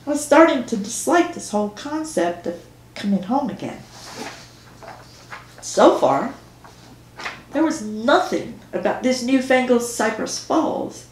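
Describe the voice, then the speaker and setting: A woman's voice: fairly high pitch, expressive, unhurried, darkish tone, slight background noise. A woman author reading her own novel aloud in first person, with dry storytelling. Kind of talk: audiobook narration. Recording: roomy echo.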